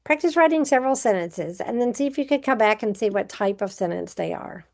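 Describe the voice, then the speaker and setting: Gravelly-voiced woman teaching a grammar lesson. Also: a little high, expressive, fairly quick, darkish tone. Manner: patient, explains step by step with example sentences.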